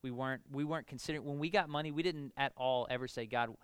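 Racing through his words in a slightly high, clean voice, this male pastor shares personal stories in a casual, animated sermon peppered with filler. No room sound can be heard.

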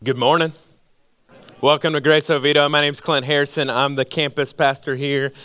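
Animated pastor telling a story. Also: male voice, on the high side, moderate pace, smooth, dry recording. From Georgia, US. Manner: animated storyteller, acts out voices. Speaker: campus pastor. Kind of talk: storytelling sermon. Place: church auditorium.

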